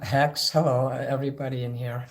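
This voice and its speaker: A man's voice: mid-range voice, flat delivery, moderate pace, creaky, a little hiss or hum. A man hosting a karaoke livestream, chatting casually between songs, rambling and thanking viewers by name. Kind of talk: casual live-stream chat between songs.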